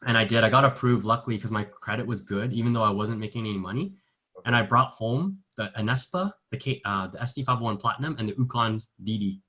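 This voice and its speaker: A man's voice: medium pitch, quick pace, sharp tone. A young man giving an earnest personal testimony in a sales training talk, acting out the dialogue he quotes. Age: young adult. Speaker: network marketing distributor.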